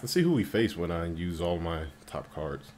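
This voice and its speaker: A man casually commentating his mobile game as he plays, getting excited and swearing at the game when it annoys him. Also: sits low, normal speed, a little hiss or hum. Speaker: mobile game player narrating gameplay.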